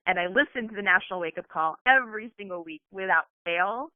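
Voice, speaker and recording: A woman's voice: medium pitch, dry recording. Woman, earnest coach rallying her team on a phone call; tinny, dry line. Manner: earnest, fast, peppered with "like". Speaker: team coach giving a talk. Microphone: phone on a conference call.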